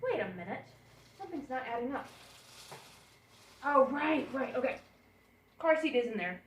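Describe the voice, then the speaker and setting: A woman's voice: high voice, lively intonation, normal speed. Chatty young woman in a roomy bedroom. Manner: chatty and rambling, thinks aloud while unpacking. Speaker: vlogger. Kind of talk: casual vlog chat. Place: bedroom of an apartment. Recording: roomy sound, camera a bit far off. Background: portable air conditioner hum.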